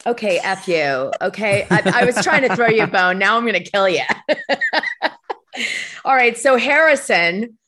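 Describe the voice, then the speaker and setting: A woman's voice: mid-range voice, lively intonation, measured pace, bright, forceful tone. A woman co-hosting a podcast, chatting casually, teasing her friend and pushing the story forward. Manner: teasing, prompting the story along. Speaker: podcast co-host. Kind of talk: casual chat.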